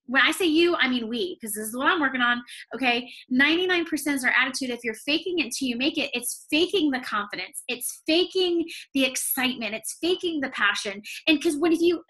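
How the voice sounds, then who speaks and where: A woman's voice: high-pitched, pushed and bright. A woman giving a motivational talk to her sales team, chatty and full of "like" and "okay?", at times close to tears. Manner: emotional, near tears at times.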